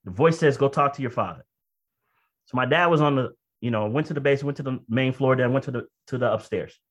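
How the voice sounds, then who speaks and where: Man preaching, quick then slow and emphatic. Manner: conversational, pace swings between quick asides and slow emphatic phrases; rises to loud high-pitched outbursts when reenacting emotion. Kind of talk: sermon with personal story.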